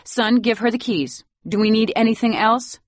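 A woman's voice: a little high, normal speed, dry recording, pitched above the performer's own voice, close to an everyday voice. A woman voicing a haughty, sarcastic elderly upper-class grandmother with a Boston Brahmin accent in an audiobook. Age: over 60. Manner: imperious, acid, sarcastic. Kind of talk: audiobook character voice.

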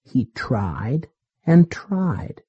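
A man reading a children's story aloud in a deliberate, simple way. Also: medium pitch, very animated, mellow, slightly rough, no room sound, muffled recording. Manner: slow, deliberate, repetitive phrasing.

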